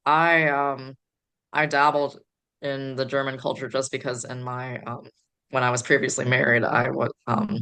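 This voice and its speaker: A woman's voice: very deep voice, flat delivery, normal speed, pushed and bright, smooth. A woman from the Chicago area, a podcast guest, rambling through stories with many fillers. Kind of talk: casual podcast chat.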